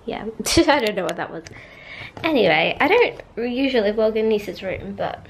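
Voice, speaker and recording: Speaking at a normal pace with a medium, expressive pitch, this young woman films a casual vlog in her bedroom. She gushes and chatters away, switching to baby talk when addressing her pets. A little hiss or hum sits under the recording.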